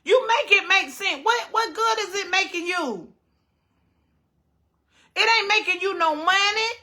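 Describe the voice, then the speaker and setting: A middle-aged woman, hosting a casual cooking livestream, firing off animated rhetorical questions. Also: very high voice, unhurried. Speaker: cooking show host.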